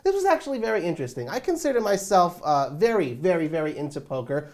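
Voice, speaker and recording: A woman's voice: fairly low pitch, quick pace. Chatty woman co-hosting a poker talk show. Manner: animated, chatty, lots of fillers. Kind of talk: casual chat.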